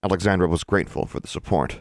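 A man narrating an audiobook in a steady, measured reading voice. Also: deep voice, no echo, studio quality.

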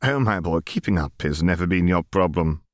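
A man's voice: low-pitched, animated, moderate pace, no room sound, clean studio sound. A man voicing an elderly, kindly male yordle inventor who speaks in a fond, wry, grandfatherly way.

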